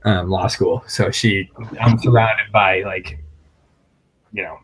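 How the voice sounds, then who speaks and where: Animated young man telling stories. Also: on the low side, slow pace, breathy edge, low-quality recording. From New York State. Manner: animated storyteller, laughs often. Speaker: guest angler. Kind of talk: casual podcast chat.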